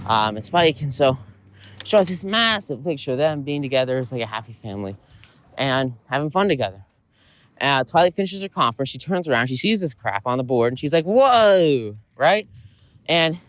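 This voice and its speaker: A man's voice: a little high, dry recording. A man hosting a podcast, retelling a story in a loose, rambling way with lots of fillers and "right?" tag questions. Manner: rambling, with many fillers and "right?" check-ins. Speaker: podcast host. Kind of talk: casual storytelling monologue.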